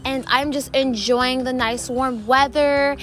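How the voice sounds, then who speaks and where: High-voiced chatty woman podcaster. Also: steady tone, slow, fairly bright tone. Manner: chatty, filler-heavy, enthusiastic. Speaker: podcast host. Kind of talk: casual faith podcast talk. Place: outdoors. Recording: music playing underneath.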